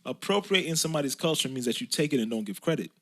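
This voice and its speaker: A young man co-hosting a podcast, talking in a joking, slangy, animated way. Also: medium pitch, very fast. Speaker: podcast co-host. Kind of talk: casual chat.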